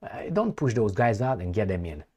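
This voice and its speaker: A man delivers a loose, rambling monologue about current events, full of "uh"s and restarts. He's sarcastic, mocking the people he quotes, and his voice rises and falls in a lively, animated way. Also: on the low side, normal speed. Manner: sarcastic, acts out quoted politicians in mocking voices, many fillers. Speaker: political commentary vlogger. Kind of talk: casual opinion monologue.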